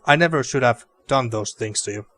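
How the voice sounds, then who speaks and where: A man's voice: medium pitch, fairly quick, sharp tone, close to an everyday voice. A man voicing an ashamed young male poet who apologizes, in a slightly raised, earnest reading of game dialogue.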